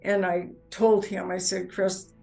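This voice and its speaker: A woman telling her personal life story in earnest, halting speech, often repeating words as she goes. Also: mid-range voice, level tone, creaky, darkish tone, faint music behind, low-quality recording. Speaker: near-death experience storyteller. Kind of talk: personal testimony.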